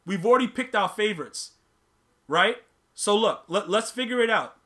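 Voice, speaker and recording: A man's voice: sits high, expressive, moderate pace, bright, forceful tone. A man hosting a live podcast stream, chatting casually with his viewers, using slang, repeating himself and teasing the chat.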